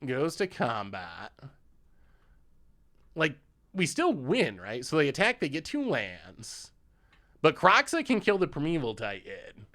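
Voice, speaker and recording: A man streams a card game and narrates every move as it happens. His pitch rises and falls a lot, but his pace stays slow and deliberate. He thinks out loud and reacts to each play. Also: huge pitch swings. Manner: reactive, thinks aloud, thanks subscribers. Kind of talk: live gameplay commentary.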